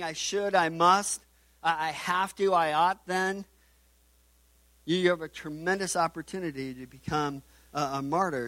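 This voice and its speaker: A man's voice: fairly high pitch, fairly bright tone, no echo. A man preaching a sermon in a conversational way, often repeating words and asking "right?" as he goes. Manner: conversational preaching with frequent "right?" tags and stammered restarts. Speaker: pastor.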